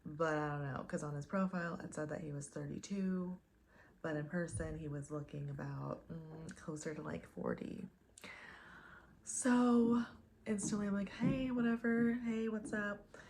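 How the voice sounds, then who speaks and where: Chatty young woman with a gravelly low voice. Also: normal speed, a little mellow, slight background noise. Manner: chatty, lots of "like" fillers. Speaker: vlogger. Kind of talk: casual storytime.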